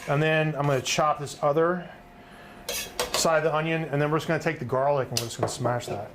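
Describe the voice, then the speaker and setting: A man's voice: on the high side, fairly even intonation, fast, noisy background. A middle-aged man, host of a live cook-along, talking through his recipe in an upbeat, chatty way and often asking "right?". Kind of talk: live cooking demonstration.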